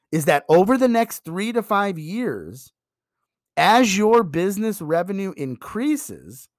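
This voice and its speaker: A man giving a sales training talk, emphatic and animated, acting out pitches to customers. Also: no room sound, clean studio sound.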